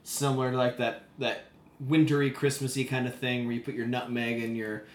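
A man's voice: medium pitch, flat delivery, brisk, roomy sound, slight background noise. A man hosting a casual podcast, laid-back and rambling, laughing often. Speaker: podcast host. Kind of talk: casual chat.

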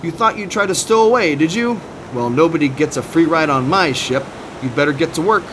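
A man voicing a bold, gruff male ship's captain in a storybook, with a booming, bossy delivery. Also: a little fast, lightly acted. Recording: steady background noise.

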